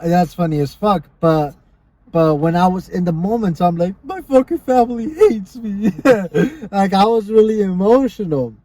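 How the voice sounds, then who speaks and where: A man's voice: high voice, unhurried, mellow. A man co-hosting a podcast, telling rambling stories in loose casual chat, swearing often. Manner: loose, rambling storytelling with frequent swearing and laughs. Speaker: podcast co-host.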